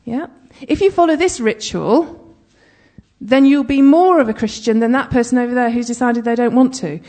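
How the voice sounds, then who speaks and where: A woman's voice: fairly high pitch, moderate pace, mellow. A woman giving conversational Bible teaching, chatty, with humorous asides and frequent check-ins with her listeners.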